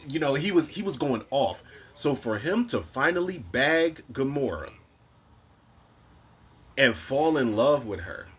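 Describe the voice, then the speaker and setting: A man's voice: mid-range voice, fairly bright tone, slightly rough. A man with a Philadelphia accent giving a casual, rambling movie review, full of slang and swearing, quoting lines from the films as he goes.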